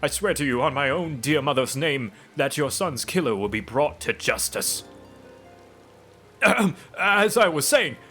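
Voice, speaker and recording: A self-assured gentleman inspector from a fantasy game, as a man puts him on, pompous and flowery in every phrase. The voice drops a little lower and sounds grand. Faint music plays behind. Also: expressive, unhurried. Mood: courtly. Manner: pompous, flowery formal diction. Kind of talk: reading game dialogue aloud in character.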